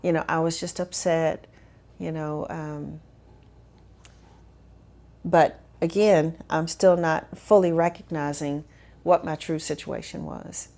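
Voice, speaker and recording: A woman telling her own story in a measured, reflective way with frequent fillers. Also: low-pitched, little pitch movement, darkish tone. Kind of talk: personal testimony.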